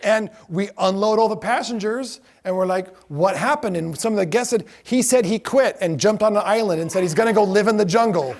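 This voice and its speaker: A middle-aged man giving a storytelling lecture, animated and laughing often, acting out the voices of the people in his stories. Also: sits high, brisk, hardly any pauses.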